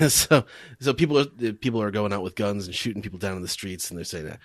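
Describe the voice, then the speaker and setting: A man's voice: lowish voice, expressive, fairly quick, dry recording. A man co-hosting a podcast, animatedly recapping a comic chapter in casual chat and laughing often.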